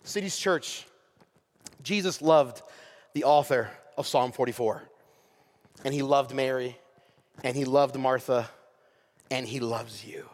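A man preaching a sermon as pastor, swelling to impassioned peaks and falling to soft, slow pauses. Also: mid-range voice. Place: church sanctuary. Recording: long reverb of a large hall.

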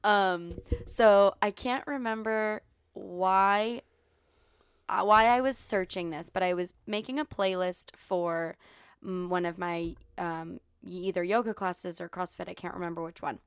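A woman's voice: on the low side, measured pace, clean tone, no room sound, studio quality. A woman co-hosting a podcast in casual chat, a yoga instructor who giggles and over-explains her stories.

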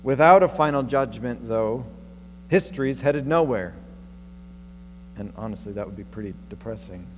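Man, pastor, sermon, conversational, rhetorical questions, mid pitch, reverberant church, faint mains hum. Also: animated, normal speed, pauses often.

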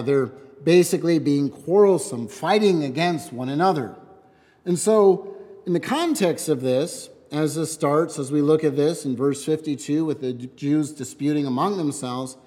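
A man's voice: on the high side, darkish tone, big-room sound. A man teaching from scripture in a conversational, emphatic way, often asking rhetorical questions. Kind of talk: expository Bible teaching.

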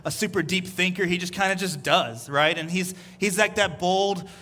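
Bright-voiced casual male pastor. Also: high-pitched, moderate pace. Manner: loose, chatty storytelling full of "like". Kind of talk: casual conversational sermon.

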